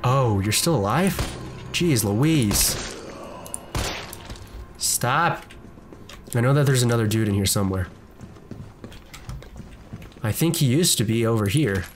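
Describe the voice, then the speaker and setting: A man's voice: medium pitch, lively intonation, takes it slowly, pauses often, background noise. A man giving casual let's-play commentary from his desk at home, jumpy and chatty, talking to the enemies on screen. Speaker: gaming video creator.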